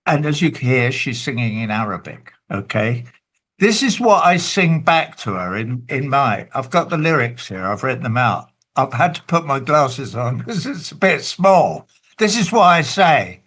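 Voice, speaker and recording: An older man on a video call, a songwriter talking about his song in an unhurried, emotional way. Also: medium pitch, very animated, fairly bright tone. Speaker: songwriter guest. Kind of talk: casual talk on a webinar call.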